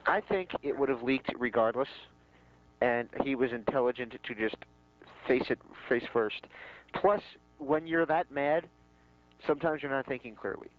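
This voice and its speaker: A man's voice: medium pitch, normal speed. A man co-hosting a podcast in casual chat, blunt and teasing. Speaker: podcast co-host. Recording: dull lo-fi sound.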